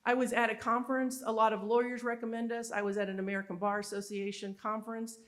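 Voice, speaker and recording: A woman giving a motivational conference speech, telling stories in an animated, emphatic and candid way. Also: on the high side, quick pace. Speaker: summit speaker. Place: live conference event.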